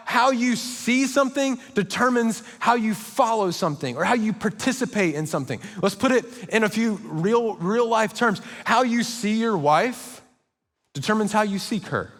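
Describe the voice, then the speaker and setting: A man's voice: high-pitched, fairly bright tone. Man preaching in a reverberant church hall. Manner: storytelling with playful asides and self-mocking humor. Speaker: pastor. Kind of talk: sermon.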